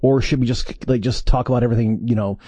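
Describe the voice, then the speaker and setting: A man hosting a casual podcast, speaking in halting, rambling phrases. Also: medium pitch, fairly even intonation, mellow, breathy edge, dry recording. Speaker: podcast host.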